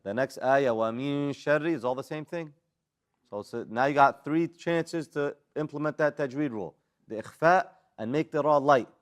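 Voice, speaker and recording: American man teaching a tajweed class, quizzing students and reciting Arabic letters, mid-pitched voice. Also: moderate pace. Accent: American English. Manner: drills students with call-and-response questions. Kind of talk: live classroom lesson.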